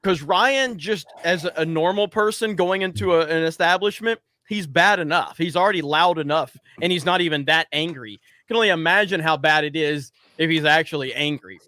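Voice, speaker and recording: Bright-voiced man chatting. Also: fairly high pitch, normal speed, few pauses, dry recording. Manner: laughing, joking interjections. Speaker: co-host. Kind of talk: casual chat, teasing.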